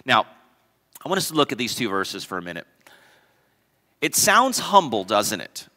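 Bright-voiced pastor preaching in a reverberant hall. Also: male voice, mid-range voice, very animated, moderate pace. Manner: emphatic, repeats key phrases and asks the congregation questions. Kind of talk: sermon. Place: church sanctuary.

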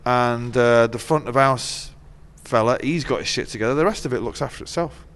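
Middle-aged guy, dry jokey storyteller, swears a lot, laughs mid-sentence, average-pitched voice, long echo tail on it like a big room. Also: fairly quick, fairly bright tone. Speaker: interview guest, musician. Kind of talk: casual chat. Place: venue dressing room. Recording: long hall reverb.

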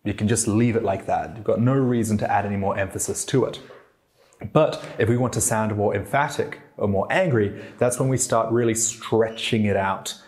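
A man with a low voice talks through a language lesson, explaining how tones carry emotion. He breaks off now and then to demonstrate the sounds himself, in a clear explanatory way. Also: moderate pace, a little mellow. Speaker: language teacher.

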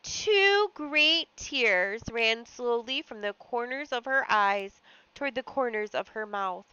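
A woman reads a story aloud for a lesson, her voice bright and crisp. She brings expression to the reading and sometimes stops to explain a word. The recording is dry and a little dull. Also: a little high, takes it slowly, no echo. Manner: expressive reading with short asides and small slips. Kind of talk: read-aloud lesson narration.

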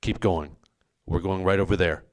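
A man voicing a stern, curt male street dealer in a told story, speaking in clipped, low phrases. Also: fairly even intonation, moderate pace, natural voice.

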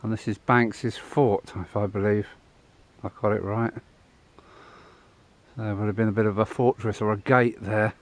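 A man's voice: on the low side, fairly even intonation, measured pace, long pauses. A middle-aged man and truck driver, chatting casually in a rambling way while filming himself outdoors by a roadside and an old wall. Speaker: travel vlogger and truck driver. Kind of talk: casual travel vlog to camera.

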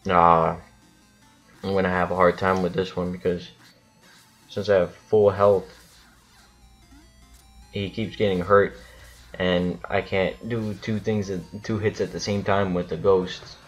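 A man's voice: sits low, level tone, measured pace, long pauses, faint music behind. A man rambling and swearing through casual gameplay commentary, with lots of restarts. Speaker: gaming channel host.

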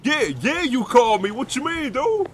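A man's voice: very high-pitched, animated, moderate pace. A man in GTA roleplay, brash and mocking, trading street slang on the phone. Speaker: streamer playing his roleplay character.

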